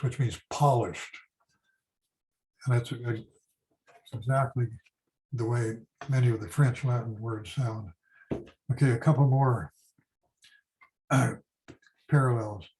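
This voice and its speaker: An older man teaches a history class in a slow, unhurried way. He talks in a casual lecture style, stopping often to restart a phrase or fill a pause with "um" and "uh". His voice sits at an ordinary middle pitch for a man. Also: steady tone, a little mellow, slight background noise, low-quality recording. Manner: halting, many fillers and restarts.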